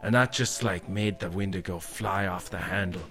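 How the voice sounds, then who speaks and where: A man's voice: sits low, normal speed, a bit bright, soft background music. A man telling a spooky story casually, rambling with frequent "eh" and "like". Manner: rambling, tags lines with "eh" and "like". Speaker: storyteller guest.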